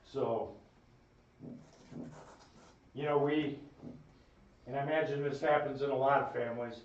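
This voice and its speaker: A man gives a eulogy in a folksy, rambling storytelling manner, his pitch mid-range. He is heard from a distance in a reverberant funeral home chapel. The sound is dull, with faint noise behind it. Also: fairly even intonation, a little slow. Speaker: eulogist, brother of the deceased. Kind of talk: funeral eulogy with family stories. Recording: echoey room, distant mic, dull sound.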